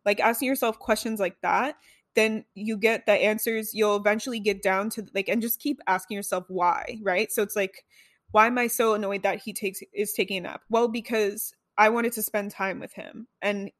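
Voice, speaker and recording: Here a young woman talks casually about self-reflection in a chatty self-help monologue, full of "like" and "right?" and occasional swearing. She has a medium pitch, fairly even intonation, and a moderate pace, captured in clean studio sound with no room sound.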